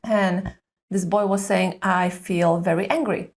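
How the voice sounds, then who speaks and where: A woman's voice: fairly low pitch, steady tone, a little slow. A woman who is a mother and parenting coach, explaining patiently in conversation and often checking in with "correct?". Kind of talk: advice in conversation.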